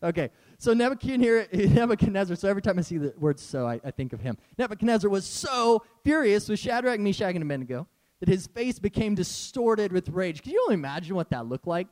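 A man preaching a sermon as a pastor, animated and conversational, often breaking into laughs. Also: high voice, fast.

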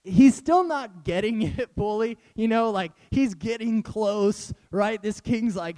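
A man preaching a sermon as a pastor, animated and conversational, often breaking into laughs. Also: high voice, a little slow, few pauses.

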